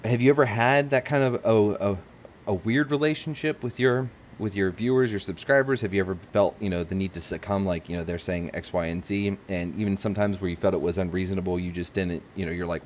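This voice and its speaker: Deep-voiced host asking loose questions. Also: male voice, fairly even intonation, a little fast, dull audio, a little hiss or hum. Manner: rambling, conversational questions. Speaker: podcast host. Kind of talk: casual interview.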